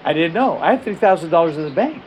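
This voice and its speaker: Middle-aged man, pastor, storytelling sermon; slightly high voice, animated, repeats himself mid-phrase. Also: fast, a little hiss or hum, low-quality recording.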